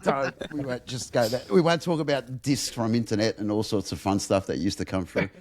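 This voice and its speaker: A man's voice: medium pitch, fairly quick, a crowd in the background. A middle-aged man, a podcast guest and car diagnostics instructor who talks in a teasing, self-mocking way. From Australia. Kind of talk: casual chat.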